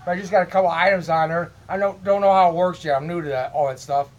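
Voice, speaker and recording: A man's voice: high-pitched, fairly even intonation, fast talker, lo-fi sound. A middle-aged man from Illinois, rambling to camera at home in an aggrieved tone, often repeating words as he restarts. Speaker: vlogger. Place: at his home.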